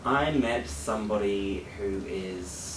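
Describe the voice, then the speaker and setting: A man co-hosting a casual radio-style podcast, telling stories in a chatty, animated way. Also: lowish voice, slow pace. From Australia. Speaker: podcast co-host. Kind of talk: casual radio-show chat. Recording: roomy sound, far from mic, faint hiss.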